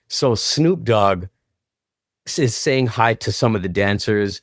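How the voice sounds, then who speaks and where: A man from Canada, a guest choreographer in an interview, telling an animated story and acting out both sides of old phone calls, his voice jumping up when he gets excited. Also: medium pitch, a little slow, dry recording, clean studio sound.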